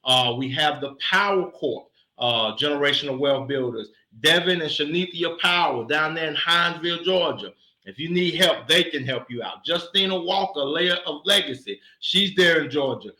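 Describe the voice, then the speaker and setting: A man who heads an insurance agency gives a casual, folksy sales pitch, turning preachy as he calls his listeners to action. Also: normal speed, echoey room, low-quality recording. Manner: folksy, preachy, lively asides.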